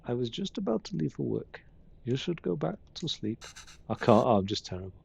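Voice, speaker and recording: A man with a gravelly voice reading the lines of a tired, apologetic young husband, in near his own voice. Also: big pitch swings, a little fast, slight background noise. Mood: weary. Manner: reading dialogue plainly, quiet and low.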